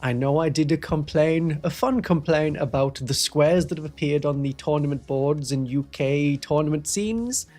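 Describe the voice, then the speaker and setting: A man's voice: a little high, normal speed, hardly any pauses, darkish tone, soft background music. A man with a toned-down Northeast English accent, chatting with viewers on a live stream in a wry, rambling way. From Northeast England. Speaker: Warhammer streamer. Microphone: studio microphone.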